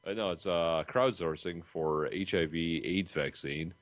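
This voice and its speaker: A man's voice: low voice, unhurried, no room sound. A man co-hosting a podcast in casual banter, dry and joking, laughing often. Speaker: podcast co-host.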